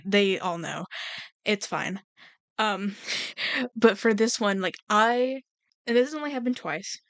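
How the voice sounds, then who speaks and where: A woman's voice: mid-range voice, clear, resonant tone, no echo. Laid-back woman podcast co-host. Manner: relaxed, conversational, chimes in with short agreements. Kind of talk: casual podcast chat.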